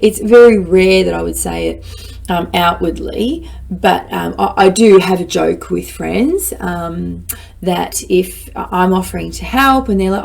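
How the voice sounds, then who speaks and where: A middle-aged woman talks straight to her listeners about self-kindness. Her voice carries a gravelly fry and a husky, breathy edge. She is lively and playful, often slipping into her own inner voice. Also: on the low side, measured pace. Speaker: self-help speaker. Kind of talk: motivational talk to camera.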